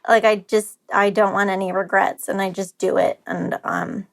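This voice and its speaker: A woman's voice: medium pitch, little pitch movement, moderate pace, gravelly. A woman speaks as a podcast guest in an open, emotional way. She sounds nervous and close to tears, and her thoughts come out in bursts of "like" and restarts in a mid-range voice. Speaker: guest, company founder. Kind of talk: candid podcast conversation.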